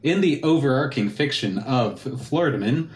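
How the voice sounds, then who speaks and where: A man's voice: medium pitch, lively intonation, normal speed, slight background noise. A man co-hosting a casual chat podcast, rambling with many fillers and joking around. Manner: rambling, lots of uh fillers, playful put-on voices. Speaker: podcast co-host. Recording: echoey room.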